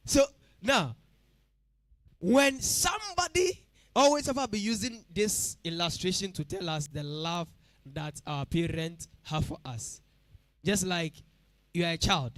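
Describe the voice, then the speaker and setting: A man's voice: sits high, animated, slow pace, pauses often, fairly bright tone, no echo. A man with a Ghanaian accent preaching a midweek church sermon, emphatic, repeating phrases and questioning the congregation directly. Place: church service.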